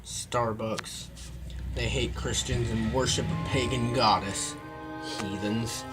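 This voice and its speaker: A man's voice: medium pitch, fairly even intonation, takes it slowly, recorded from a distance, over loud music. A man working a gas station shift, talking to himself in a weary, rambling video diary, feeling run down. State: tired and run down.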